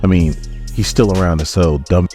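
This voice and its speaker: A man's voice: low voice, a little fast, mellow, faint music behind. A man casually recapping a comic book, jokey and irreverent, with asides to viewers.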